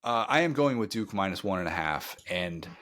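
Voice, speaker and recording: A man with a fairly low voice co-hosts a college football podcast in easy, casual talk. He is wry and opinionated, stretching out words for emphasis. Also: expressive, fairly quick, fairly bright tone. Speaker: podcast co-host. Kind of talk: casual sports podcast chat.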